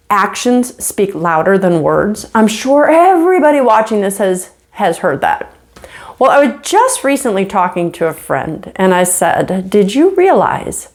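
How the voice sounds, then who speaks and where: A woman teaching relationship skills straight to camera, emphatic and animated, often checking in with "right?". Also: medium pitch. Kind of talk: direct-to-camera teaching talk.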